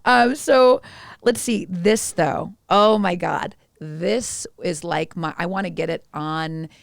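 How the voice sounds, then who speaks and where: Casual podcast co-host: woman, on the low side for a woman, dry close sound, gushing and animated. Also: slow pace, gravelly, no room sound. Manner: animated, gushing, swears playfully.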